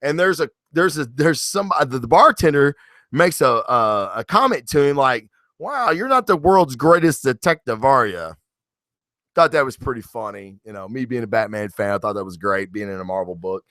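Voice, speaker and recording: A married man reviewing comic books in a casual, profane monologue, acting out characters in quick asides. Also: medium pitch, no room sound, studio quality. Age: adult, married. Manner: animated, swears freely, acts out characters in quick asides.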